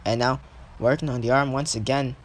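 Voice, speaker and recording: A man's voice: mid-range voice, steady tone, brisk. A young man giving casual, self-correcting play-by-play commentary over his own game footage. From not British. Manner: hesitant, self-correcting, thinks aloud.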